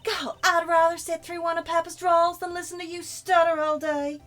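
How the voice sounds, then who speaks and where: A woman's voice: mid-range voice, sing-song, moderate pace, fairly bright tone, voice pushed down. A woman voicing a brash, feisty southern woman photographer with an exaggerated drawl, reading game dialogue aloud.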